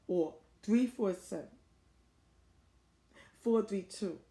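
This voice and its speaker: Woman, middle-aged, distressed, urgent and repetitive, gravelly, roomy echo. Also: mid-range voice, slow, warm tone. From United States. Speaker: mother appealing for justice. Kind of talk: direct-to-camera appeal.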